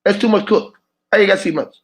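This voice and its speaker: A man's voice: sits high, fast talker, a little hiss or hum. A man freestyling in a loose stream of rhyming wordplay, then chatting casually and cursing often. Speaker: host. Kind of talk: freestyle rap and rambling chat. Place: indoors, sitting.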